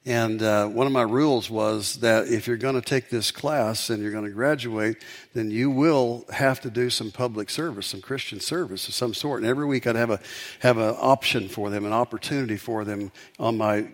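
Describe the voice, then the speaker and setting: A man's voice: mid-range voice, normal speed. A man, a pastor, preaching a sermon and telling a story, building up to emphatic peaks.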